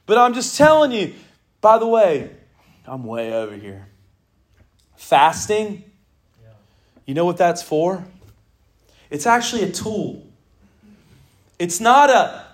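A middle-aged man gives a casual sermon with a notably high, light voice. His delivery is animated and conversational, full of jokes and asides to his listeners. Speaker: preacher.

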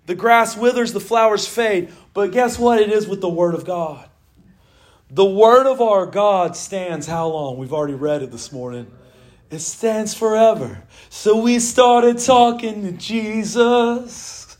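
A man, preaching an animated sermon in church as the pastor, telling stories and reading scripture. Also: sits high, slow. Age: 40s. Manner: animated storytelling preaching, mimics owl calls.

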